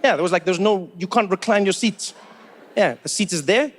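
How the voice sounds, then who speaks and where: A man telling an animated stand-up story, acting out incredulous reactions and other people's voices. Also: high-pitched, fairly quick. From South Africa. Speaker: stand-up comedian. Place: live comedy venue.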